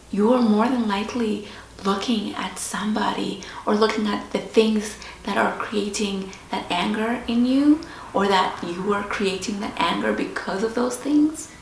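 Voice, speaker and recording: A woman host sharing a personal story in a slow, reflective, confessional way. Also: medium pitch, creaky. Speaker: podcast host. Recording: roomy echo with faint background hiss.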